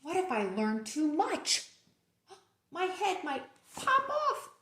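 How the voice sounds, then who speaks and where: A woman's voice: sits high, wildly swooping pitch, takes it slowly, bright, forceful tone, exaggerated voice. A woman doing a fretful, whiny cartoon pigeon. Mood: worried. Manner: whiny, dramatic, rising worried questions. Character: fretful, excitable young male pigeon. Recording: roomy echo.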